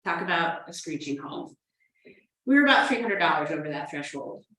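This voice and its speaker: A woman's voice: fairly low pitch, big pitch swings, normal speed, pushed and bright, recorded from a distance. A woman from New Hampshire, giving an earnest conference talk as a librarian, telling stories with playful asides. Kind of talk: prepared conference presentation. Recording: roomy, echoey from off the mic.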